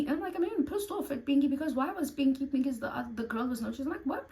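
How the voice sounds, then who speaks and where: Animated South African woman telling a story. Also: high-pitched, quick pace, hardly any pauses, poor audio. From South Africa, Cape Town. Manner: animated, blunt storytelling with swearing and acted-out quotes. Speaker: storytime vlogger. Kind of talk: casual storytime vlog.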